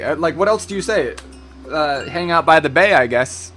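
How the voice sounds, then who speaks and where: Soft music plays behind this young gaming channel host as he does a casual Q&A to camera, rambling, swearing, and calling people bro. His voice is a little high, animated, and sharp, at normal speed. He was born in Switzerland and raised in Germany and the United States.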